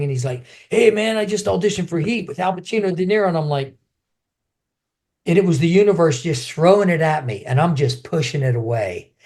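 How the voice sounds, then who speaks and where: An older man's voice sits a little high for a man. He tells his story with animation and acts out other people's lines in quick bursts. He sounds like an interview guest caught up in his own memories. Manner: animated storyteller acting out quotes. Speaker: guest, martial artist and actor.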